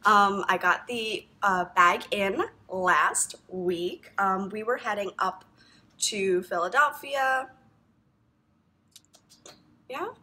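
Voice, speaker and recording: Woman, knitting vlog host, bright tense tone, chatty, rambling, gushing. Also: medium pitch, takes it slowly, long pauses. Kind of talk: casual chat to camera.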